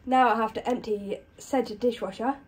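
A young British woman vlogs casually at home in her kitchen, out of breath, chatting away and using a baby voice with her pets. Her fairly high voice is slightly rough, with fairly even intonation at normal speed. The noisy home recording picks up a washing machine and tumble dryer running.

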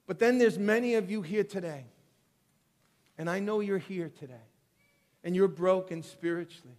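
A man preaching a sermon as pastor, telling the story with animated, acted-out voices and frequent restarts. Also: high voice, normal speed. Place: church sanctuary. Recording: long reverb of a church hall.

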